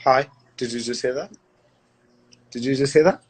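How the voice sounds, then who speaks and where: A man's voice: medium pitch, normal speed, breathy edge. A British man in his thirties chatting casually and jokily as co-host of a live stream, rambling from one joke to the next. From Great Britain. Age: 30s. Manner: playful, jokey, rambling. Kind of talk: casual chat.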